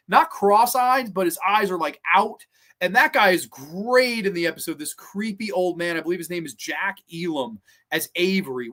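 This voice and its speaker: A man's voice: high-pitched, fairly bright tone. A man hosting a podcast, casually reviewing a TV episode in an enthusiastic, rambling way and cursing freely. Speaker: podcast host.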